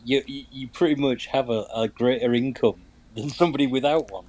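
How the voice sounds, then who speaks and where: A British man chatting casually, making measured, thoughtful remarks. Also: medium pitch, darkish tone. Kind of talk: casual chat.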